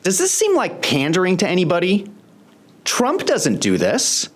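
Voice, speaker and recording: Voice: mid-range voice, wildly swooping pitch, unhurried, slightly rough. A host delivering political commentary in a sarcastic, pointed manner.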